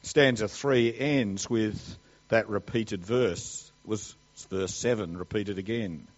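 Slow, emphatic male preacher. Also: lowish voice, dull audio. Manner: emphatic, swings between loud declarations and quiet asides. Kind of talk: sermon.

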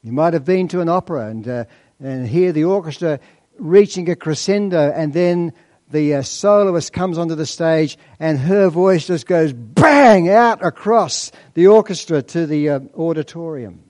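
A man preaching a sermon, asking rhetorical questions and slowing down to stress key points. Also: fairly high pitch, a little mellow.

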